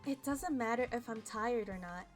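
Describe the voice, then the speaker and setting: A woman reading the lines of a dutiful, cold young female soldier in a flat, matter-of-fact way. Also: fairly high pitch, normal speed, soft background music, close to an everyday voice.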